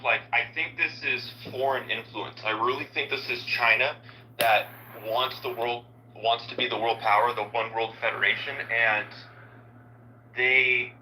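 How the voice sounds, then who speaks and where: A man's voice: medium pitch, a little slow, sharp tone, slight background noise, poor audio. A man joining a political podcast as a guest, making earnest, lecturing points.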